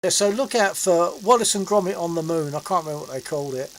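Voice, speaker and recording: A man in his seventies rambles casually with livestream viewers from his home sim setup, chuckling and poking fun at himself. His high-pitched voice moves at a quick pace through a desk mic, and the recording quality is low.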